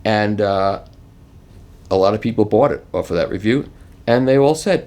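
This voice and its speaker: A man in his seventies telling stories in an interview, animated and chuckling as he acts out other people's lines. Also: lowish voice, normal speed. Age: 70s. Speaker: interview guest. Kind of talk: casual anecdotal storytelling.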